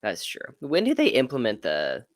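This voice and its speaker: A man's voice: medium pitch, moderate pace. Guy co-hosting a sports podcast, voice jumps up and down a lot, acts out quotes. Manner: animated, acts out quotes with swearing. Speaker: podcast co-host. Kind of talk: casual sports debate chat.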